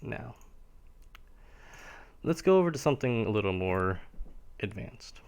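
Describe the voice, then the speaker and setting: A piano teacher on a live stream speaks a little slowly in a lowish, creaky, somewhat mellow voice with a sing-song lilt and a clean tone. He lays out ideas patiently, and almost every phrase closes with a questioning "right?".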